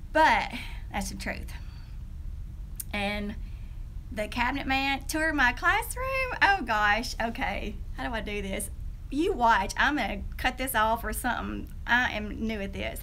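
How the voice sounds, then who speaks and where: Chatty woman, bright voice. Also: fairly high pitch, a little hiss or hum. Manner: chatty, greets viewers by name, nervous and giggly. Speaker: teacher livestreaming to her channel. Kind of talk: casual livestream chat. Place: classroom at her school.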